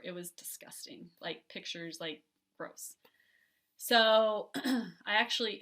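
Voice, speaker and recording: A woman from telling a painful personal story as a podcast guest, candid and halting, with many fillers and restarts. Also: on the low side, bright, forceful tone.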